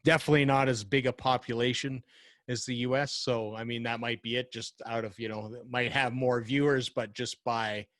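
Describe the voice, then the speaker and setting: A man's voice: medium pitch, normal speed, no echo. A man from Scotland with a Canadian accent, a podcast guest chatting casually and hedging with lots of fillers. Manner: relaxed, hedging with many fillers.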